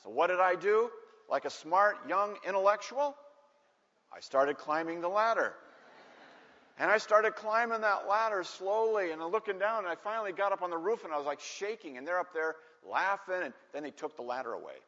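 Animated preacher guy, high voice jumping all over, telling stories in a sermon, dull echoey church sound. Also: moderate pace. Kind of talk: storytelling sermon. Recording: dull echoey hall recording.

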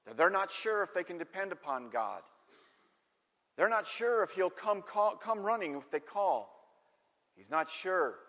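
A man with a high, very lively voice tells a story from the pulpit and slips into the voices of the people in it. The sound is muffled and rings out in a long hall reverb, like a church. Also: unhurried. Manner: animated, acts out voices in stories. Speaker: preacher. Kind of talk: storytelling sermon. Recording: dull echoey hall recording.

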